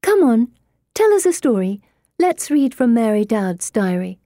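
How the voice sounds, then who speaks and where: Woman doing a spoiled teen girl, high and whiny, all drama, audiobook vibe. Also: big pitch swings, unhurried, mellow, no room sound, clean studio sound. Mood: plaintive.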